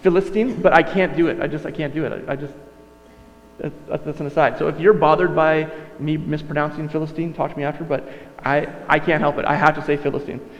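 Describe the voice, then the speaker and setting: A man's voice: on the high side, little pitch movement, fairly quick. A male pastor preaching a sermon in a conversational way, often correcting himself and going off on asides. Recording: dull sound, long reverb, mains hum.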